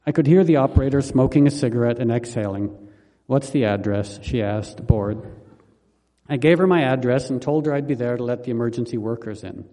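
A man reading his own memoir aloud in a calm, measured, wry manner. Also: medium pitch, long reverb tail. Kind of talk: memoir audiobook narration.

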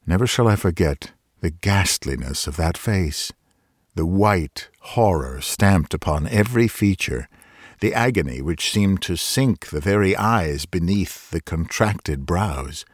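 A man, a librarian narrating a Victorian ghost story in a measured, dramatic way. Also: deep voice, expressive, husky, no echo, studio quality.

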